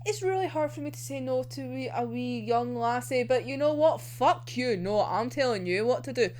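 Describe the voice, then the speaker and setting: A woman's voice: a little high, lively intonation, normal speed, darkish tone, a little hiss or hum, natural voice. A woman voicing a callous male army commander who barks sweary orders in a mocking tone.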